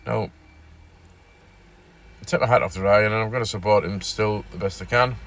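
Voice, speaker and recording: A man's voice: fairly low pitch, moderate pace, fairly bright tone, slight background noise. A man hosting his own casual news vlog, rambling and repeating himself with fillers as he talks. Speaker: vlogger.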